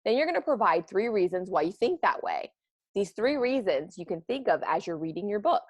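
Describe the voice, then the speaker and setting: A woman teacher giving a read-aloud writing lesson for children, animated and expressive, a parent herself. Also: medium pitch, brisk, no echo, studio quality. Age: adult, parent of children. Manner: animated, expressive, bursts of excitement.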